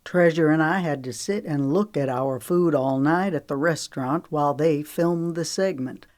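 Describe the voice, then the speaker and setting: Woman putting on a laid-back young guy, teasing and soft, pitched lower than her own voice, dry close sound. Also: normal speed, no room sound, close to an everyday voice. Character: easygoing young man, teasing and friendly.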